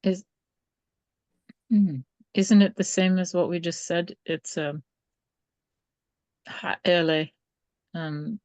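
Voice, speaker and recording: A woman's voice: fairly low pitch, steady tone, takes it slowly, pauses often, a little mellow, no echo. A woman student answering questions in an online class, hesitant and searching for words. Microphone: video call.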